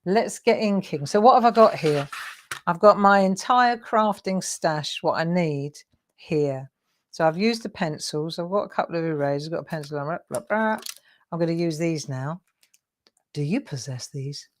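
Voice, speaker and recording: A woman's voice: fairly low pitch, normal speed, a little hiss or hum. A middle-aged woman hosting a live craft show, chatty, encouraging and self-deprecating as she demonstrates.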